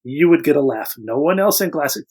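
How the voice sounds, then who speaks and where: Male co-host, casual and blunt critic, slightly high, animated pitch. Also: fairly quick. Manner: blunt, opinionated movie critic with many restarts. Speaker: podcast co-host. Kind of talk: casual chat.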